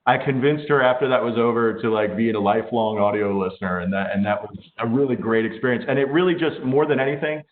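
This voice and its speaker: A man's voice: mid-range voice, steady tone, fast, hardly any pauses, a little hiss or hum. A man who produces audiobooks, telling an easygoing story on a casual video call. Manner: easygoing, anecdotal. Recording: tinny phone-like audio.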